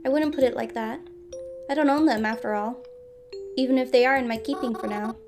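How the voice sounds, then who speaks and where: A woman's voice: a little high, fairly even intonation, a little fast, over music, close to an everyday voice. A woman reading a cryptic, evasive stranger. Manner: terse, cryptic. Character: mysterious, evasive stranger sending texts.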